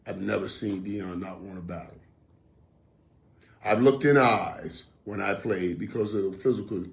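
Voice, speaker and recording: Emphatic man telling a heartfelt story. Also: lowish voice. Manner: emphatic, repeats phrases for weight. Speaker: former football player.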